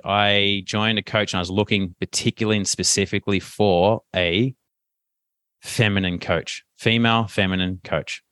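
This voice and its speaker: A man, a coach talking casually as a podcast guest, animated and chatty with plenty of fillers. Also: on the low side, normal speed, clear, resonant tone, no room sound, clean studio sound. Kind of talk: casual interview chat.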